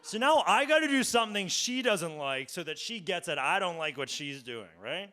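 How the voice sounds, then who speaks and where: A male stand-up comedian talking casually on a comedy club stage with deadpan asides. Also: high voice, normal speed, noisy background.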